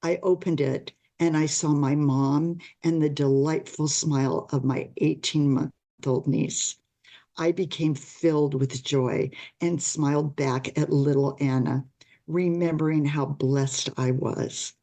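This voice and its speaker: A woman who survived a stroke, reading her own story aloud in a gentle, heartfelt way. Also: deep voice, fairly even intonation, takes it slowly.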